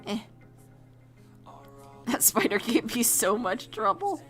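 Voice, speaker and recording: A woman's voice: on the high side, big pitch swings, slow pace, vocal fry, soft background music. A young woman chatting casually while she draws on stream, rambling, giggling and swearing offhand. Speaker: streamer drawing a storyboard. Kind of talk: casual chat while drawing.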